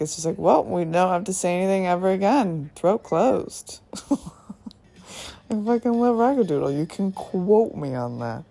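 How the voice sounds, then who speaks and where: A woman in her thirties reviewing a film in a phone voice memo, talking in an excited, rambling way and swearing often. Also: lowish voice, creaky. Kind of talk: casual voice memo rant.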